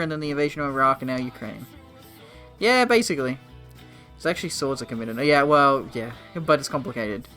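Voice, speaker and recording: A man's voice: a little high, bright, forceful tone. A man in his twenties casually commenting on a strategy game during a live stream, rambling and swearing. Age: 20s. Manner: rambling, profane, joking with chat.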